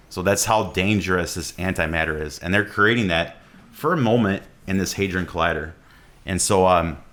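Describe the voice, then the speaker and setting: A man's voice: sits low, fairly bright tone. A man talking as a podcast guest, explaining at length in a loose, rambling way full of fillers. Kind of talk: casual podcast chat.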